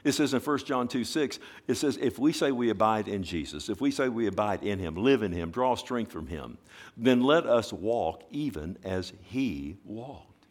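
A man's voice: lowish voice, animated, normal speed. A pastor preaching a sermon, a man who talks emphatically, asks rhetorical questions and keeps checking in with "amen".

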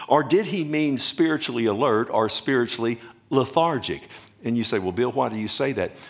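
A male pastor in the middle of a sermon, with a voice of ordinary, middling pitch. He keeps asking his listeners questions and then answers them himself. Now and then he slips in a joke. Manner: jokes and laughs with the congregation.

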